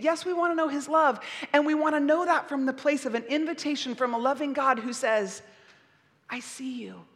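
A middle-aged woman pastor preaching a sermon, gentle and earnest, soothing at times. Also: high-pitched. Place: church. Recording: long reverb of a church hall.

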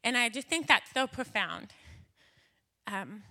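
A woman's voice: a little high, expressive, slow pace, bright, forceful tone. A woman in her thirties speaks to a church gathering in a loose, personal way. She talks with plenty of fillers and an emotional edge. Her tone stays conversational while she shares her testimony.

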